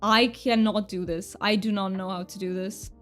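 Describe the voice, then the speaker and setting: A woman's voice: mid-range voice, steady tone, normal speed, a bit bright, soft background music. A woman game streamer chatting casually with her viewers, self-deprecating and thanking chat.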